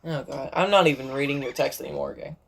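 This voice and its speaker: A woman's voice: very deep voice, fast talker, vocal fry, slight background noise. A woman giving casual, joking commentary while reading a game's text aloud on a desk mic. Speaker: gaming video creator. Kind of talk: casual let's-play commentary.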